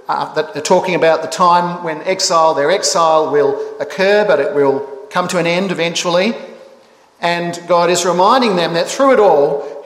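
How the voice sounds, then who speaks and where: A man preaching a measured expository sermon as pastor, stretching out key words for emphasis. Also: high voice. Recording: echoey hall reverb.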